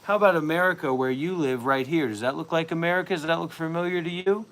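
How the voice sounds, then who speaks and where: A man's voice: fairly high pitch, fast, fairly bright tone. A man ranting profanely as a mock guru on a comedic livestream, scolding and threatening viewers.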